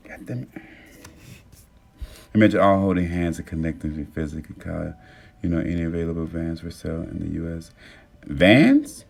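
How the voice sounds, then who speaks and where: A man with a very deep, gravelly voice chats on a phone live stream at home, reading comments and offering warm, affirming words. He often jumps into excited, stumbling bursts, and a song plays faintly behind him. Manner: warm, affirming, talks about love and manifesting. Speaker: TikTok live host. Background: soft music playing.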